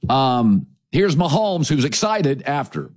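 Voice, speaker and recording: A man's voice: mid-range voice, big pitch swings, slow, a little mellow. A middle-aged man hosting a sports talk show, delivering an emphatic, opinionated monologue in punchy lists.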